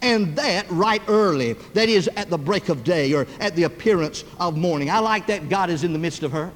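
A man's voice: on the high side, brisk, in a large hall. A man preaching a sermon, telling folksy stories and acting out the voices of the people in them. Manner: storytelling preacher, acts out voices in anecdotes.

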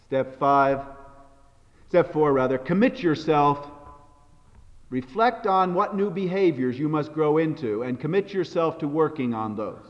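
Preacher with a high voice in a reverberant hall. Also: male voice, unhurried. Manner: storytelling, varied and expressive delivery. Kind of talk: sermon. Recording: dull sound with long hall reverb.

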